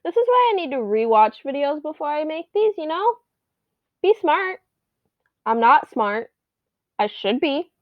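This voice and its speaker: A high-voiced young woman talks in a loose, rambling way, her voice a little hoarse. The sound is thin and phone-like, with no room echo at all. It feels like a casual video update recorded at home. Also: sing-song, unhurried, pauses often. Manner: rambly, chatty. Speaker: vlogger. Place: bedroom at home. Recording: tinny, phone-like, dry sound.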